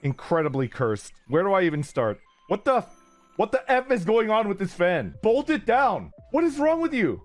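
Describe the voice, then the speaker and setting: Lively, laughing male streamer. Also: sits high, moderate pace, faint music behind. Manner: rambling, laughs often, filler-heavy. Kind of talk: casual chat.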